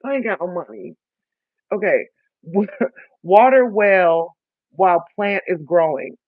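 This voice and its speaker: In a dry, tinny recording that sounds like a phone, a high-voiced vlogger sets up seeds for his first garden while chatting casually. He makes fun of himself and stumbles as he reads the planting instructions aloud.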